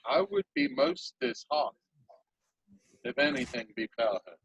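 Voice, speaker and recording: A man's voice: medium pitch, huge pitch swings, measured pace, vocal fry, a bit bright, muffled recording, slight background noise, pitched below the performer's own voice, heavily acted. A man voicing a stern, formal woman alchemist in a tabletop game.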